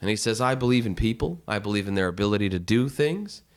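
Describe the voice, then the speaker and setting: Animated profane man telling stories. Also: lowish voice, fast. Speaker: podcast guest. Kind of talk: casual storytelling.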